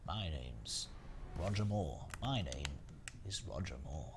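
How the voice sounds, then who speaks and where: A suave older gentleman spy, drawling his words low, slow and smooth. The voice sits deep and unhurried, as a man puts it on for a bit of fun. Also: big pitch swings, background noise, heavily acted.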